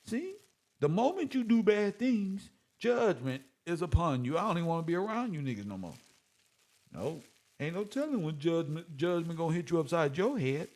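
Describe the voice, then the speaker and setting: A man speaking who delivers a preachy, swearing monologue to his viewers, swinging between loud and soft. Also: on the high side, very animated, moderate pace. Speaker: online commentator.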